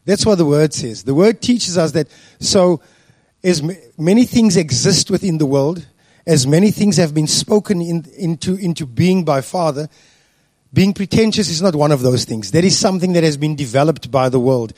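A man's voice: on the high side, a little mellow, no echo. Man preaching with a dry close sound. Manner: deliberate, with frequent fillers and restarts. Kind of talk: sermon.

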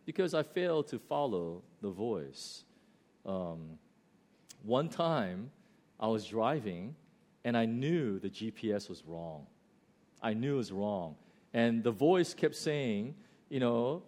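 A man with an American accent preaching a sermon, telling stories with loud bursts and slow, quiet emphasis. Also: medium pitch, big pitch swings. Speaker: pastor.

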